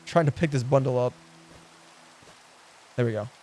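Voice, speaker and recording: A man streaming a game live, chatting casually and excitably, swearing and laughing often, and cooing at the animals he meets. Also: medium pitch, moderate pace, a little hiss or hum. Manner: coos affectionately at in-game animals. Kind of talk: casual live gameplay commentary.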